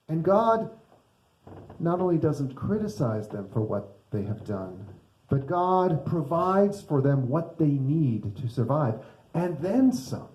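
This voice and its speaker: A man's voice: on the high side, warm tone, lo-fi sound. A male pastor giving a conversational sermon, often putting questions to the congregation. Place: church sanctuary. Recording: echoey church sanctuary.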